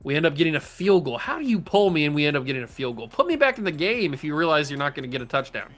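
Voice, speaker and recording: A young man hosting casual gameplay commentary, playful and cocky, breaking into excited play-by-play calls. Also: fairly high pitch, racing, soft background music. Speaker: gaming YouTuber, host.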